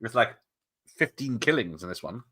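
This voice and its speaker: A man's voice: mid-range voice, lively intonation, moderate pace, pushed and bright. A man streaming a watch party, chatting casually, laughing often and replying to viewers. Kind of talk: casual live commentary.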